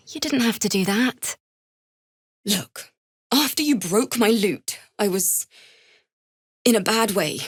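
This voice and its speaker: A young bard in a video game, earnest and grieving, who slips from shy apology into sudden anger. She speaks slowly and carefully, with a pitch that rises and falls a lot. The sound is dry and close. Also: animated, breathy edge, no room sound. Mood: earnest, apologetic. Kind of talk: video game character dialogue.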